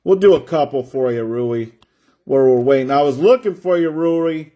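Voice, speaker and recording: A man's voice: mid-range voice, moderate pace, warm tone. A man hosting a live card break stream, chatting casually and drawing out player names as he opens packs. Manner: chatty, rambling, drawls out player names while opening packs.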